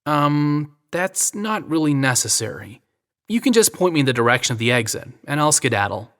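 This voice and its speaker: A man's voice: a little high, big pitch swings, moderate pace, a bit bright, pitched above the performer's own voice. A man voicing a teasing American woman photographer. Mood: playful. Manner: playful, teasing, coy. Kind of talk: audio drama reading.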